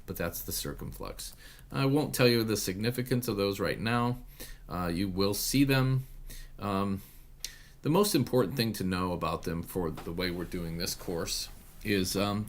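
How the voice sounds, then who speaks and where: Low-voiced guy teaching greek for an online class, lots of ums and restarts. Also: a little hiss or hum. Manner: halting, many fillers and self-corrections. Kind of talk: online video lesson.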